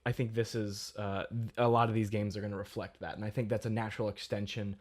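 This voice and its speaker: A man's voice: lowish voice, level tone, fast. A young man co-hosting a gaming podcast in casual, rambling chat, laughing often. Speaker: podcast co-host.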